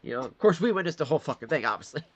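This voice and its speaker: Rapid-fire and sing-song, this fairly high male voice belongs to a Detroit, Michigan vlogger. In his casual storytelling monologue he swears freely and slips into the voices of the people he quotes.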